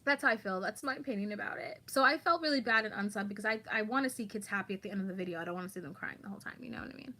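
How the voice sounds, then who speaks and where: Chatty bright-voiced woman livestreamer. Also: medium pitch, very fast, hardly any pauses. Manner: chatty, animated, reads viewer comments aloud. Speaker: commentary livestream host. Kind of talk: casual livestream commentary.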